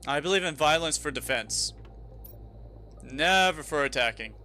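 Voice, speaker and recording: Young man, game streamer, casual rambling chat, bright tone, slightly high voice. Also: lively intonation, moderate pace, soft background music. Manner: rambling, restarting storyteller. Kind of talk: casual chat while gaming.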